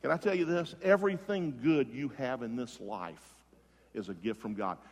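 A man preaching a sermon as pastor, swinging between loud emphasis and hushed softness and repeating words for effect. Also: medium pitch, normal speed. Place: church sanctuary. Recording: long reverb of a large hall.

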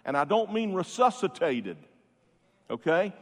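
Emphatic preacher with a churchy echo. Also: male voice, high-pitched, sing-song. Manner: preaching with emphatic rises, drawn-out words and restarts. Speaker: pastor. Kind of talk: sermon.

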